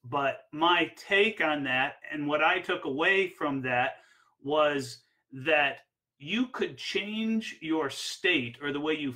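A man coaching barefoot water skiing, telling personal stories in an energetic way with frequent fillers. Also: on the high side, rough recording. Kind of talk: instructional talk with personal stories.

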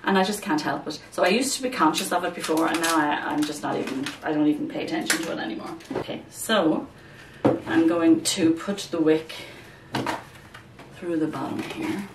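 Chatty woman, low voice, echoey room. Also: normal speed. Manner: chatty, rambling, often says "guys". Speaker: plant vlogger. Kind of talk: casual chat while repotting plants. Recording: echoey room, distant mic, background noise.

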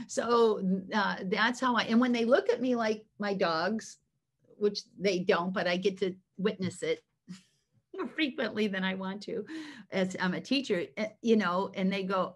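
A woman dog training teacher talking casually to her class, chatty and animated, acting out the cues she gives her dogs. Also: medium pitch, moderate pace. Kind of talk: casual online class talk.

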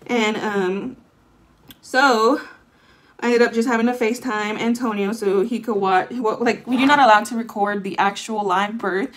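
A young adult woman with a slightly high voice and fairly even intonation tells a lengthy, casual story for her vlog at a moderate pace. She's chatty, leans on fillers, and acts out other people's lines.

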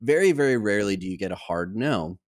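A man co-hosting a podcast, telling anecdotes with lively acted-out dialogue in a conversational way. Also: on the low side, quick pace. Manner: animated anecdotal storyteller, acts out quoted dialogue. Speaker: podcast co-host.

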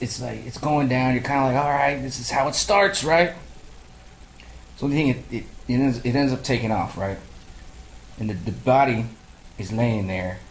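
A man's voice: medium pitch, reverberant, slight background noise, rough recording. A man casually ranting in a movie review, swearing freely and acting out his own reactions. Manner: profane, animated storytelling, mimics his own reactions. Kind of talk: casual rant.

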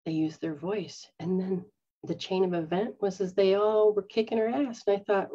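Woman, spiritual teacher, earnest, acts out quotes, breathy mid pitch, dull recording. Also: fairly even intonation, moderate pace, warm tone. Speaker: psychic medium and spiritual teacher. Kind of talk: spiritual talk to followers. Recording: dull lo-fi sound.

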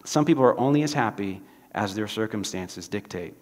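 His voice is fairly low and fairly quick as he preaches in a church sanctuary with long hall reverb. The male pastor tells lively stories and acts out the voices of the people in them.

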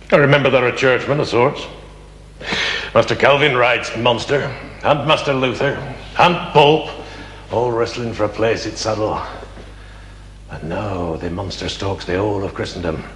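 An actor playing a stern county magistrate who speaks to a jury in a declamatory, questioning manner, from a 1970s television drama. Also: male voice, fairly low pitch, unhurried, long pauses, a bit bright, slight background noise. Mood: brooding. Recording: echoey reverberant old film sound.

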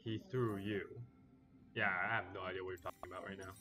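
A lowish male voice chatting loosely as he plays a video game, laughing often and letting sentences trail off into quiet mutters. He talks over clear background music, so the stream sounds busy. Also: steady tone, fast. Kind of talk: casual chat while gaming.

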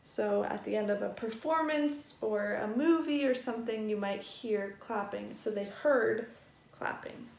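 A woman teaching a first grade vocabulary lesson at a distance, spelling each word out slowly and explaining it gently for young children. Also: medium pitch, creaky, slight background noise. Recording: echoey room.

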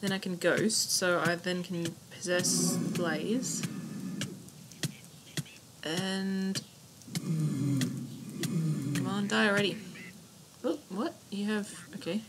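In a mid-range voice, slowly and with long pauses, a female gaming host narrates a casual let's-play. She chats, mutters to herself and swears a little over a steady clicking noise.

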